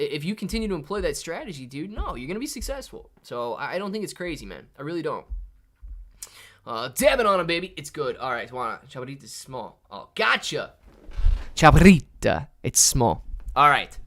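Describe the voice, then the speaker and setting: A man's voice: a little high, fairly quick. A man hosting a live stream, reading viewer messages aloud in casual, slangy chat. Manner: animated, slangy, says "man" and "dude" often. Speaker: livestream host reading chat.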